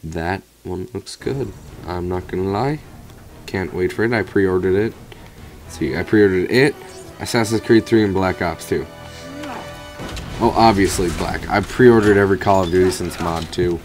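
A man's voice: deep voice, moderate pace, faint music behind. A man giving rambling let's play commentary over a video game, swearing casually at it. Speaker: gamer commentator.

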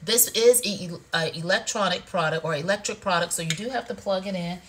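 A woman's voice: on the low side, brisk, a bit bright, a little hiss or hum. A woman hosting a live shopping show, chatting casually with viewers while demoing a product, playful and full of "y'all" and "honey". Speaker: livestream shopping host. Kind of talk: casual product demo chat.

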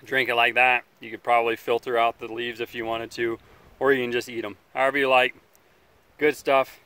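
A man hosting a casual outdoor survival vlog, talking in a relaxed, rambling way by a campfire, sometimes chewing as he speaks. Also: mid-range voice, a little fast, clear, resonant tone, no room sound. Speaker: outdoor survival channel host.

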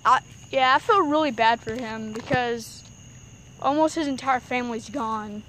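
A woman's voice: fairly high pitch, normal speed, fairly bright tone, poor audio. A teenage girl chatting casually and rambling as she vlogs outdoors in the countryside. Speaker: vlogger. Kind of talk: casual vlog chat. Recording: phone recording outdoors with background noise.

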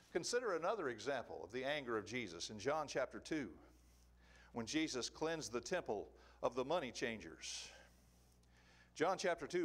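Male preacher, sermon delivery, animated and emphatic, pitch on the higher side. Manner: animated, emphatic, rhetorical questions.

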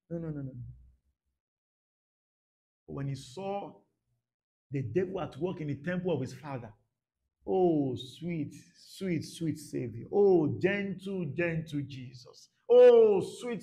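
Fiery preacher, high lively voice. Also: male voice. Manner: dramatic, swings from soft murmurs to shouted bursts; repeats phrases for emphasis, laughs at his own points. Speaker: pastor. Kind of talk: sermon.

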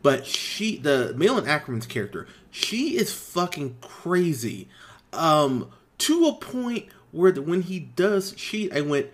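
A man's voice: fairly high pitch, very animated, takes it slowly. A man hosting a movie podcast, recapping a comedy's plot in a casual, blunt and exasperated way, with frequent swearing and lots of "um" and "uh". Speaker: podcast host, film reviewer. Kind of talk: casual movie review, unscripted.

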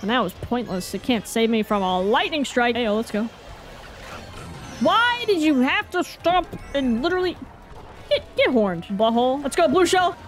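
High-pitched woman gamer talking over her racing game, super jumpy and swingy, cusses a bit, faint game music behind. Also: normal speed. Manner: excitable, groans and cheers at every turn; self-mocking, casual slang and mild swearing. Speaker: gaming video creator. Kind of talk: live gameplay commentary.

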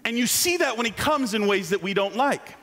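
Male preacher, high lively voice, jokey and animated, long church reverb. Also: a little fast. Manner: animated, joking, self-deprecating asides. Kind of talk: sermon. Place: church sanctuary.

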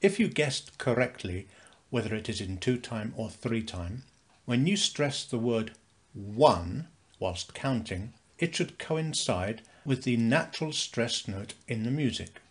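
Slow, lively British male music tutor. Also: medium pitch. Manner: slow, clear, counting beats aloud with stress. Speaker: music teacher. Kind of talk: scripted instructional narration.

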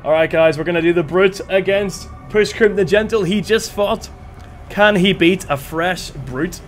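A man commentating a live game stream with excitable energy and a slightly strained voice, thanking viewers as he goes. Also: high-pitched, measured pace, a little hiss or hum.

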